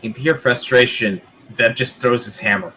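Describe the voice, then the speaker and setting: A man's voice: medium pitch, moderate pace, sharp tone, husky, low-quality recording. A man playing in a tabletop role-playing game, making plain, dry remarks and describing what his character does. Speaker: player. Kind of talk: casual tabletop role-play chat.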